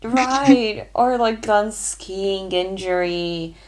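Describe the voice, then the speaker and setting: A woman's voice: medium pitch, extremely slow, over a noisy crowd. A woman co-hosting a podcast, chatting casually in a blunt, teasing way. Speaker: podcast co-host. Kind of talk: casual chat.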